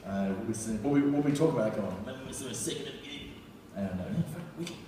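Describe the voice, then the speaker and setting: A man's voice: mid-range voice, animated, very fast, warm tone, a little hiss or hum. Male emcee hyping the crowd, swears a lot, far off in a big echoey club. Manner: hyped, sweary praise. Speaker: open-mic host. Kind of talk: emcee banter. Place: comedy club stage.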